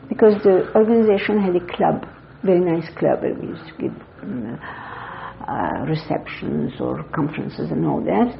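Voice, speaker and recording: A woman's voice: fairly low pitch, creaky, slight background noise. An older woman from Iran gives an oral history interview. She tells her memories in a conversational, digressive way and often corrects herself. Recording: dull lo-fi 1980s interview tape.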